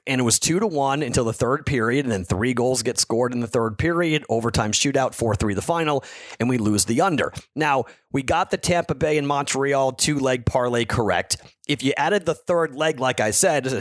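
A man's voice: medium pitch, a little fast, no room sound, studio quality. A man hosting a sports betting podcast, talking casually and frankly, frustrated and rambling with restarts. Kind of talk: casual solo podcast talk.

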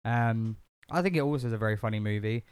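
A man's voice: fairly low pitch, fast talker, smooth, dry recording. A man co-hosting a casual podcast chat, rambling and laughing often as he talks through a film. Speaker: podcast co-host.

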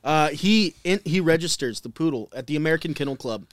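A man's voice: fairly high pitch, lively intonation, fairly quick, dry recording. A man co-hosting a podcast, telling a story in casual chat, laughing often and swearing. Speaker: podcast co-host.

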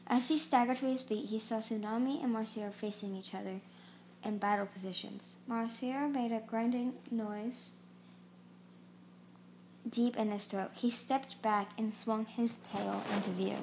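A woman's voice: a little high, steady tone, unhurried, vocal fry, darkish tone, a little hiss or hum. A woman narrating a fantasy novel aloud as an audiobook reader, often stumbling and restarting words.

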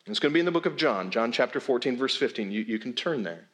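A man's voice: medium pitch, expressive, fast talker, a bit bright. A male pastor preaching a sermon in a church, with a conversational, emphatic delivery and frequent repeated words. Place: church sanctuary.

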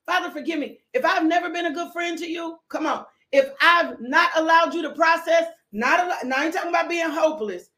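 A woman preacher delivers a fervent sermon in a high voice, swinging from near-tearful pleading to sudden shouts. Her words ring through an echoey church room. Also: fairly quick, hardly any pauses. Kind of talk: impassioned sermon.

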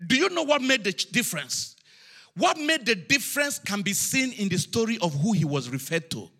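A man preaching a sermon in a very high, sharply bright voice and a foreign accent of his own. He chants in a sing-song cadence, repeats his lines, and swings from shouted peaks down to quiet asides. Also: very animated, moderate pace.

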